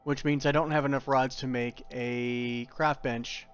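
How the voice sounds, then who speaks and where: A man's voice: medium pitch, steady tone, unhurried, clean tone, dull audio. A young man giving casual, rambling tutorial commentary while playing a factory-building game, with self-deprecating asides. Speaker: gaming YouTuber.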